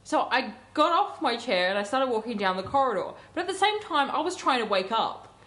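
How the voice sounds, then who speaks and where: A woman's voice: on the high side, sing-song, a little fast, a bit bright. Chatty woman telling stories. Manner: chatty storyteller, recounting dreams with many ums and likes. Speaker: community radio co-host. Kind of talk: casual radio chat.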